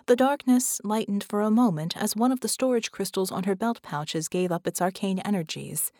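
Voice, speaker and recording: A woman narrating an audiobook in a measured, steady reading voice. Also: mid-range voice. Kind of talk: scripted narration.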